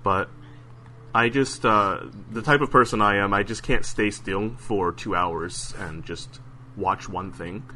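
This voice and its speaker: A man being interviewed in a relaxed podcast conversation, his voice bright and forceful. He sits slightly low in pitch and talks hesitantly, full of fillers and false starts. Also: measured pace, slight background noise. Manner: hesitant, lots of fillers and restarts. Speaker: interview guest. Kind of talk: casual podcast chat.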